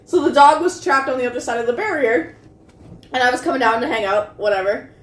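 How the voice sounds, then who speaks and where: A woman's voice: sits high, a little fast. A woman co-hosting a casual chat show, talking in a chatty way and laughing often. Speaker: co-host. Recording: echoey room with faint hum.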